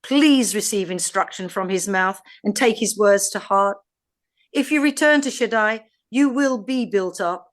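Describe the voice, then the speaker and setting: A woman with an English accent, co-hosting a podcast and reading scripture aloud in a measured, deliberate way. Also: medium pitch. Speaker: podcast co-host.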